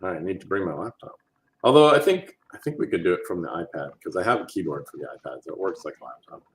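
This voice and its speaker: A man answering fan questions on a casual livestream, rambling and relaxed with plenty of fillers. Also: low-pitched, fast.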